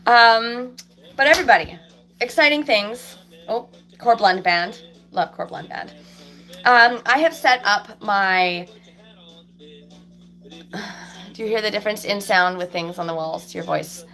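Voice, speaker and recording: A woman's voice: mid-range voice, a little slow, long pauses, pushed and bright. A woman in her thirties or forties, a fabricator and vlogger, chatting casually to viewers from a small office in her workshop; she sounds stuffy from a cold and rambles with many ums. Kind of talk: casual live chat to viewers. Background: faint country music playing.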